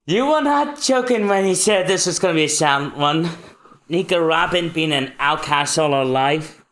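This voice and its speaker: Expressive, lively podcast co-host. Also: medium pitch, moderate pace. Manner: expressive, swears, reacts emotionally. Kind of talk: casual podcast chat.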